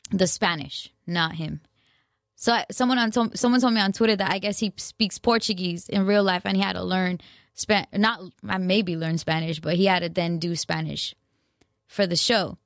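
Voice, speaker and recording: A woman's voice: fairly low pitch, moderate pace, vocal fry, dry recording, studio quality. A young woman chatting casually to her viewers, rambling and self-mocking, full of slang and restarts. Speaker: vlogger. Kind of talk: casual chat to camera.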